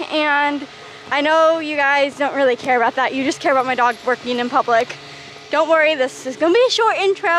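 Woman, high voice, casual vlog, chatty, rambling, handheld camera outdoors. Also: fairly bright tone, a little hiss or hum. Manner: chatty and rambling, laughs often. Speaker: service dog handler vlogger. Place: outdoors at a park, later indoors at a mall. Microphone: handheld camera with wind muff.

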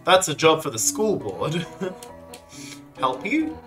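A streamer voicing a loud, brash monster police chief from a video game, barking at a kid with punchy energy. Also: medium pitch, big pitch swings, slow, soft background music. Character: brash tough fish-woman police chief.

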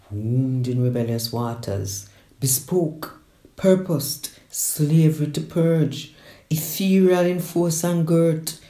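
A woman with a Jamaican accent reciting a dramatic poem, slow and emphatic, mixing patois and English. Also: rumbling low, dark tone, echoey room. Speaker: poet.

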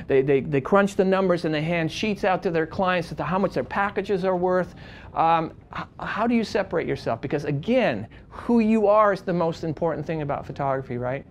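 A man with a high-sitting voice teaches a seminar on wedding photography, spinning animated, conversational stories full of restarts and big jumps between quiet and loud. It's a lively storytelling lecture, and a faint hiss or hum sits under the recording.

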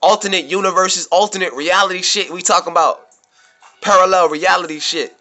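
A man with a bright, forceful, fairly high voice tells his story in a loose, rambling vlog monologue. He swears constantly, circles back over the same phrases, and gets louder and more worked up. Faint music plays behind him. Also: steady tone, a little fast. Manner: rambling, profane, repeats himself, gets worked up. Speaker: vlogger. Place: New York City.

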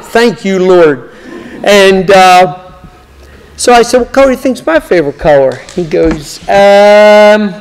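Male evangelist, higher-pitched, lively preacher who voices both sides of his stories, recorded in a reverberant hall. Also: slight background noise. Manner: animated, acts out both sides of conversations. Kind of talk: sermon storytelling. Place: church hall. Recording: long church hall reverb.

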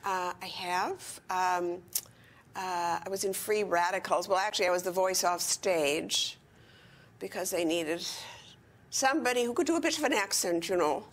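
Older lady chatting away, lowish voice, bursts of enthusiasm. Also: moderate pace. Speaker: interview guest. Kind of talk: casual chat. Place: retirement community.

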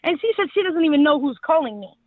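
A high-voiced woman argues furiously over the phone, defiant and sarcastic, cursing freely. Her voice comes through a tinny, completely dry phone line. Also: very animated, fast, no room sound. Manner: angry, defiant, sarcastic, profane. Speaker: prank call target. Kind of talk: heated phone argument.

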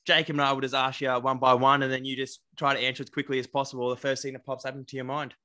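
A young Australian man co-hosting a podcast, upbeat and a little halting as he talks. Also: mid-range voice, flat delivery, sharp tone. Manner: upbeat, a bit halting, fills with um. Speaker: podcast co-host. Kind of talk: casual podcast chat.

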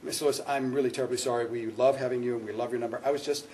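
A man's voice: medium pitch, steady tone, rapid-fire, darkish tone, a little hiss or hum, voice pushed down, natural voice. A man acting out a flustered grown man who stammers excuses and then apologizes. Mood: apologetic.

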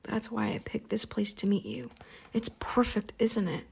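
A woman reading an audiobook, voicing a cruel male vampire hunter who speaks in a soft, pleasant, taunting way. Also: mid-range voice, moderate pace, vocal fry, husky.

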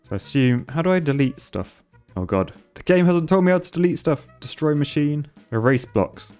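A man's voice: fairly high pitch, animated, normal speed, a little mellow, soft background music. A man commentating his gameplay on a stream, thinking aloud and laughing often.

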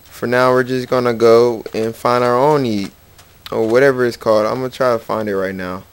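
A gaming channel host rambles playfully through a let's play, narrating his gameplay and chatting to the game's characters. His medium-pitched voice is clean and brisk with fairly even intonation, and faint game music plays underneath.

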